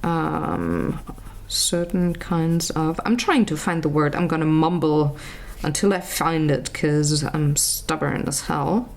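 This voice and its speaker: A woman's voice: low voice, fairly even intonation, slow, creaky. A woman chatting casually while she colours, rambling and searching aloud for words, with self-mocking asides. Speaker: colouring vlogger.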